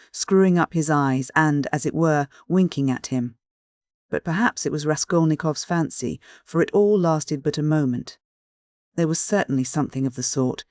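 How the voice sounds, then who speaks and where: A man narrating a classic novel as an audiobook in a measured, steady reading. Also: fairly high pitch, no room sound, studio quality. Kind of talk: scripted literary narration.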